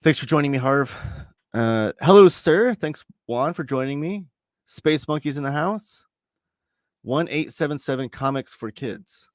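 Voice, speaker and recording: A man in his thirties hosting a live stream from home, chatting casually and reading out viewer comments in a relaxed, rambling way. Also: mid-range voice, moderate pace, no echo, clean studio sound. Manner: relaxed, rambling, reads chat messages aloud. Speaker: host. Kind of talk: casual livestream chat.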